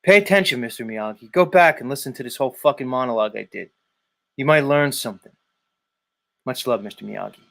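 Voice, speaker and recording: A man in his forties hosts a relaxed live stream, chatting with viewers in a loose, meandering way. His voice sits at an ordinary middle pitch, and he drops the odd curse as he greets people by name. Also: a little fast, creaky. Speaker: livestream host. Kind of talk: casual chat reading viewer comments.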